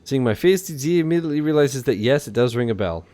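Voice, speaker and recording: A man's voice: medium pitch, animated, fast talker, few pauses, warm tone. A male streamer reading a visual novel aloud steadily, with occasional hesitations.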